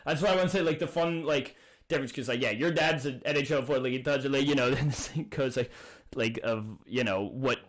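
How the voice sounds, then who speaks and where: A man's voice: mid-range voice, a little fast. A man hosting a podcast in casual chat, rambling and reflective, with a lot of "like" fillers.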